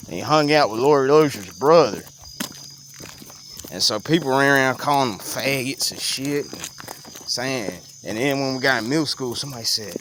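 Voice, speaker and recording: A young man in casual storytelling chat, animated, jumping between loud outbursts and low mutters and often laughing. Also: normal speed, a little hiss or hum.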